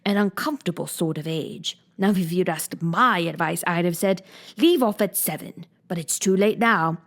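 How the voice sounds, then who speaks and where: A woman voicing a pompous, touchy egg man in a storybook reading, slow and haughty, lecturing as he talks. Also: on the low side.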